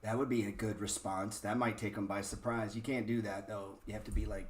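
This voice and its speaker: A man's voice: on the low side, fairly even intonation, fairly quick, few pauses. Blunt, cursing man with a roomy echo. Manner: blunt, profane, rhetorical questions. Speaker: trading educator. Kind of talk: casual screen-share market talk.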